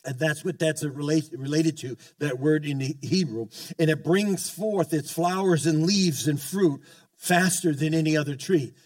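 A man's voice: on the high side, moderate pace, a little mellow, no room sound, far from the mic. A man preaching a sermon as pastor, fervent, calling out to the congregation and often restarting his sentences. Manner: fervent preaching with call-outs and many restarts.

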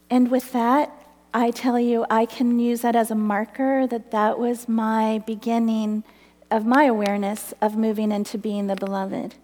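A woman's voice: on the high side, normal speed, big-room sound. A woman giving a personal testimony talk at a church gathering, telling her story earnestly and acting out the voices in it. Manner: earnest, animated storytelling with laughs and acted quotes. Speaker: speaker at a church women's gathering.

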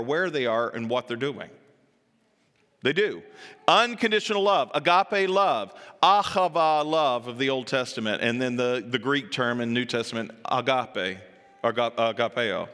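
A man preaching a sermon to his church, telling a story with animated acted-out voices and building to emphatic peaks. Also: medium pitch, long reverb tail. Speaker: pastor.

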